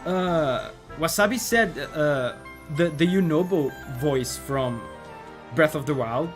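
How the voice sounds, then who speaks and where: A chatty, enthusiastic man streams a video game and talks over it in a somewhat high voice. He laughs often and reads out viewer messages. Soft game music plays in the background. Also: expressive, slow. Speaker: gaming streamer. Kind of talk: let's play commentary reading chat.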